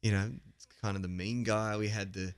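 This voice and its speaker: A man's voice: on the low side, little pitch movement, normal speed, clear, resonant tone. A young Australian man, a singer guesting in a radio studio, chatting easily with lots of "you know" and frequent laughs. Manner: easygoing, laughs often, fillers like "you know". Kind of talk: casual radio interview chat.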